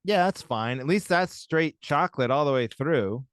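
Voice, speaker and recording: A young man co-hosting a podcast in casual, jokey chat, arguing playfully and telling stories with a slightly husky throat. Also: on the high side, lively intonation, normal speed, fairly bright tone, dry recording, clean studio sound. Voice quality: husky, like a smoker's voice right now. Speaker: podcast co-host.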